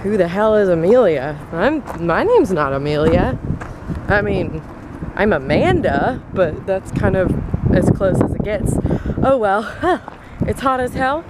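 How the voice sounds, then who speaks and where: A woman's voice: medium pitch, animated, unhurried, noisy background. A young woman vlogging in a chatty, exasperated way, full of filler words. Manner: chatty, exasperated, many likes. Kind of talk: casual vlog chat.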